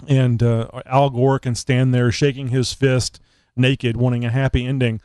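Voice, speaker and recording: A man's voice: mid-range voice, steady tone, normal speed, a little mellow, dry recording. Joking rambling male podcast co-host. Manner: rambling, joking, with frequent fillers. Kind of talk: casual live podcast chat.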